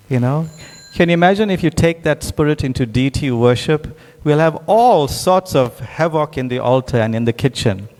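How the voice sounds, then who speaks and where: A man with a fairly high, slightly mellow, expressive voice leads a devotional scripture class at normal speed. He tells stories full of restarts and asides, and the recording carries a long hall reverb.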